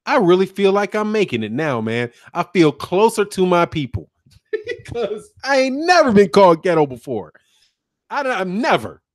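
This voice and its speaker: A man's voice: high-pitched, wildly swooping pitch, normal speed, dry recording, studio quality. An American man hosting his channel, chatting casually and joking while he reads viewer comments aloud, laughing often. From United States. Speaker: channel host. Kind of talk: casual chat reading live comments.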